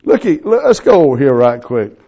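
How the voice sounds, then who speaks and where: Male preacher, lively swooping voice, folksy stories, excitable, lo-fi recording. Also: medium pitch, normal speed, breathy edge. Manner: folksy storytelling, excitable, laughs often. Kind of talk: sermon.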